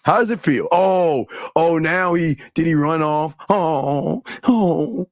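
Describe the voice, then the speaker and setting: A man's voice: fairly high pitch, slow, no echo. A man co-hosting a talk show, crude and mocking as he taunts a caller. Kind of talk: casual talk show chat.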